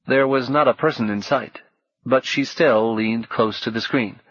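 A man reading a novel aloud in a soft, measured, low-key manner. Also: no echo, muffled recording. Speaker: audiobook narrator. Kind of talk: scripted narration.

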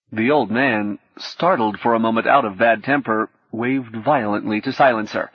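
A man reading an audiobook in steady, measured scripted narration. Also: medium pitch, breathy edge, dry recording, dull audio.

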